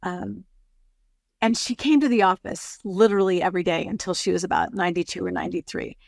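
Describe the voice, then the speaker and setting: A woman in her sixties, a produce company executive, talking through her career in an unhurried, storytelling way as an interview guest. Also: fairly low pitch, vocal fry, no room sound, studio quality. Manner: measured, storytelling. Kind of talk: casual interview conversation.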